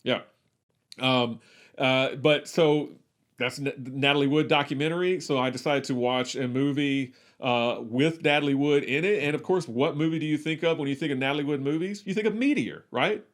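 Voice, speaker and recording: A man with a higher-leaning voice co-hosts a movie podcast, speaking at a normal speed. He chats casually in a wry, rambling way and often corrects himself partway through a sentence.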